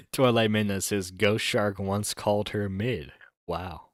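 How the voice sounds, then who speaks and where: Sarcastic low-voiced male stream host. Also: slow, no room sound, clean studio sound. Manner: sarcastic, rambling with fillers and laughs. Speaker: livestream host. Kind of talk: casual commentary on a clip.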